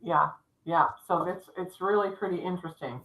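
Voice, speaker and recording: A chatty middle-aged woman tells stories on a livestream and acts out the voices of the people in them. Her voice is bright and forceful and sits a little low. The room around her is echoey. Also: moderate pace. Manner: chatty, lively, acts out dialogue. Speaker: psychic co-host. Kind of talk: storytelling in casual chat. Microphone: livestream setup.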